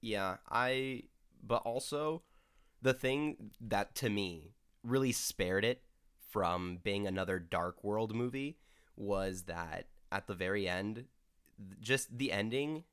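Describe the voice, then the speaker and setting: A man with a fairly low voice, chatting casually and eagerly about a film he just saw. He rambles a little, trips over his words and restarts often, and laughs as he goes. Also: slow pace, fairly bright tone, smooth. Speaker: co-host reviewing a film. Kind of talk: casual chat.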